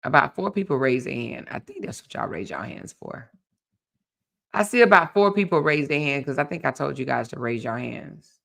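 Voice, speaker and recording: Woman, livestream host, chatty, laughing, crisp bright voice. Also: rumbling low, animated, normal speed. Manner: laughing, chatty, talks to viewers. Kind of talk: casual livestream chat with viewers.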